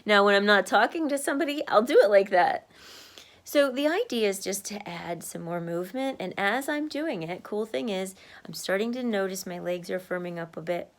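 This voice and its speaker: A woman records a casual video diary at her desk at home. She is chatty and candid, laughs often, and keeps marching in place while she talks. Her voice sits at an ordinary middle pitch. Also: lively intonation, brisk, few pauses, fairly bright tone. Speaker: vlogger sharing a weight-loss journey.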